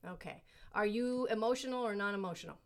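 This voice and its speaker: A woman from New York co-hosting a casual podcast, firing off quick short questions and laughing easily. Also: mid-range voice. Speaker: podcast co-host.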